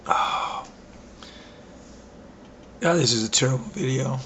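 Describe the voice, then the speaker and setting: A man with a hoarse voice rambling through a casual video diary, full of fillers, restarts and self-deprecating asides. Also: medium pitch, steady tone, moderate pace. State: hoarse, coughing. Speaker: vlogger. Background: wind blowing outside.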